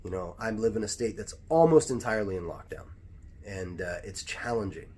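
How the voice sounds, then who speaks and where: A man's voice: lowish voice, lively intonation, a little fast, a little mellow, slight background noise. An American man, a jiu-jitsu instructor, talking through life advice in a reflective, conversational way with frequent restarts. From United States. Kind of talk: casual advice talk.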